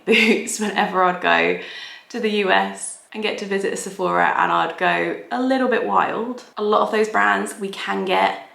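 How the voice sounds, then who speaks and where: Woman in her thirties, beauty vlogger, low gravelly voice, chatty and self-mocking, echoey room. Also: fairly bright tone. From England. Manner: chatty, giggly, self-deprecating. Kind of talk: casual get-ready-with-me chat.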